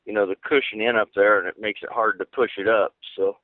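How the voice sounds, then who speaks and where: A male race driver answers questions in a lowish, plain-spoken voice, halting and restarting as he goes. The audio is thin, dry and phone-like. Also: fairly even intonation, dry recording. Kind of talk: casual interview answers. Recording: tinny phone-like line.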